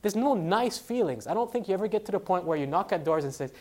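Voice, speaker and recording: A man's voice: sits high, quick pace, hardly any pauses, a little mellow. A man preaching a sermon and telling a personal story, conversational and full of fillers, dropping to a near whisper for quoted lines and rising to stress a point. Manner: frequent fillers and self-corrections. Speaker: preacher, literature evangelist.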